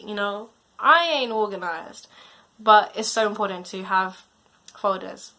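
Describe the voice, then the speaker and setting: A woman's voice: medium pitch, normal speed, pushed and bright. A teenage girl giving casual advice as a student vlogger, chatty and slangy, her volume drifting up and down. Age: late teens.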